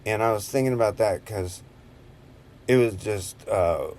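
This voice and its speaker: Slow, rambling man in his fifties. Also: on the low side, darkish tone, a little hiss or hum. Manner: rambling, chuckling, slow-drawling storyteller. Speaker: vlogger. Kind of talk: casual storytelling.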